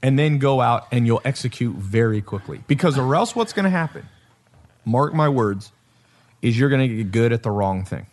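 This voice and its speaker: A man hosting a podcast, chatting casually and telling stories in an animated way, laughing often. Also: medium pitch, normal speed. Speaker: podcast host.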